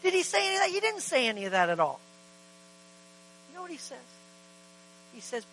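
A man with a strikingly high, bright voice preaches in a church, swinging between loud, emphatic declarations and hushed, intimate lines. He talks to his congregation in a conversational way, acting out dialogue in asides. A faint electrical hum sits under his voice. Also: very animated, a little fast, long pauses, poor audio. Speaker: pastor. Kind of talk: sermon.

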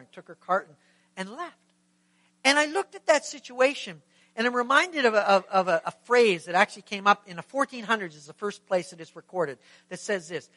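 A middle-aged male pastor delivering a sermon with a high, bright and ringing voice. He tells a story emphatically and keeps asking his listeners questions. The sound is dry and close, with no room around it. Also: animated, fairly quick, no echo.

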